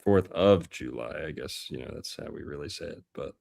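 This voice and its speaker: A man's voice: rumbling low, lively intonation, moderate pace, gravelly, a little mellow. A man hosting a casual podcast chat about astrology, playful and punning, stretching out words for emphasis. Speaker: podcast host.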